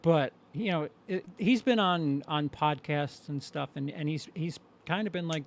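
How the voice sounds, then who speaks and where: Male co-host, slightly high voice, rambling with restarts, casual and profane. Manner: rambling, halting restarts, swearing. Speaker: podcast co-host. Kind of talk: casual chat.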